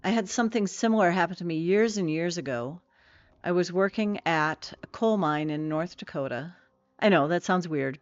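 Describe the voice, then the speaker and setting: A woman's voice: lowish voice, no room sound, dull audio. A middle-aged woman streaming a game, chatting casually with viewers in a rambling way full of fillers and self-corrections.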